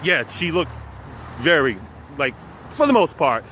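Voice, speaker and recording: A man's voice: fairly high pitch, big pitch swings, a little slow, pushed and bright, slight background noise. A man from South Texas casually telling personal stories, speaking of himself as "we" and chuckling now and then. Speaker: vlogger.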